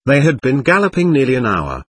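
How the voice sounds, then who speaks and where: A man narrating a classic novel as an audiobook in an expressive storytelling manner. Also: mid-range voice, brisk, slightly rough, no room sound.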